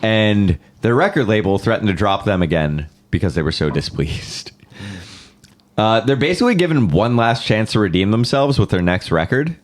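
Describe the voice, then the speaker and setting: Male podcast host, low voice with lots of movement, storytelling with quips. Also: expressive, moderate pace. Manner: storytelling band history with jokey asides. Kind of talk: casual music podcast chat.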